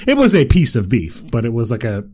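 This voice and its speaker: Male co-host, dry wit, talks fast. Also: medium pitch, huge pitch swings, darkish tone. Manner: dry, quick asides and wry comments. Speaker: podcast co-host. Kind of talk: casual chat.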